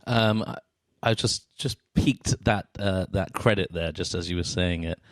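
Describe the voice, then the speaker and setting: A man's voice: low voice, unhurried, dry recording, clean studio sound. A man hosting an interview podcast, chatting casually and telling rambling anecdotes. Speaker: podcast host.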